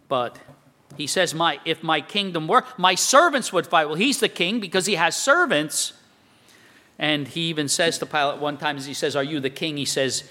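A man preaching a sermon, talking it through like a conversation and tossing out rhetorical questions. His voice sits a little high and sounds bright and forceful. The sound carries a long reverb from a big hall. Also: moderate pace.

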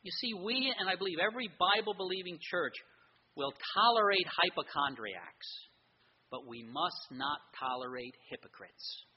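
Husky-voiced male pastor preaching. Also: high voice, sing-song, moderate pace, dull audio. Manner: earnest preaching with quoted anecdotes. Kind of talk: sermon.

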